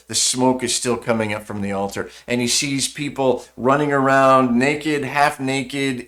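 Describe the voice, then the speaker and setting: A male pastor delivers a sermon, retelling a story vividly and conversationally with frequent "uh" fillers. His voice is mid-range and fairly bright in tone.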